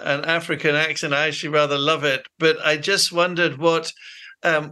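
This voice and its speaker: A man's voice: fairly high pitch, sharp tone. A man hosting a radio interview, asking friendly, encouraging questions. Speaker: radio host.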